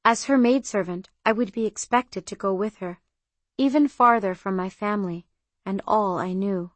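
A woman reads an audiobook chapter in a measured first-person voice at a middling pitch. The sound is close and bone-dry, with no room at all. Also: no room sound. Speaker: audiobook narrator. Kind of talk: scripted narration.

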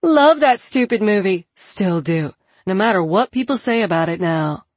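A woman reading as an excitable, foul-mouthed young woman. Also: on the low side, moderate pace, no room sound. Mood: excited. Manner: animated, swearing, laughing.

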